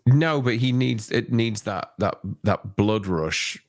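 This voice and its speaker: A man's voice: on the low side, expressive, slow, no room sound, clean studio sound. A man talking casually on a home computer mic while hosting a movie watch party, chatty and laughing often. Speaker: podcast host.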